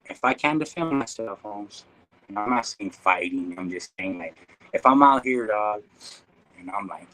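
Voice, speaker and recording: Lively intonation at normal speed marks this low-voiced Inland Empire, California YouTuber, whose tone is pushed and bright. Relaxed and slang-heavy, he vlogs casually to viewers he calls "homie" and "dog," though the audio is poor.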